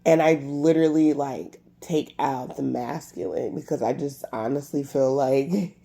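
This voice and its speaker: Low gravelly woman venting on her vlog, halting, lots of likes and i don't knows, kinda congested and irritated. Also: dark tone. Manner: halting, many fillers and restarts. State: upset and irritated. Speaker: vlogger. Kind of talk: personal confessional vlog.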